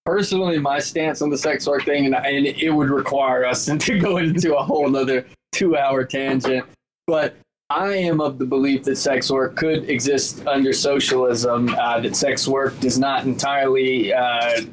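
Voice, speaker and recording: A man co-hosting a casual political podcast, laying out his view in a measured, explanatory way. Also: medium pitch, fairly even intonation, a little hiss or hum, low-quality recording. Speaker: podcast co-host.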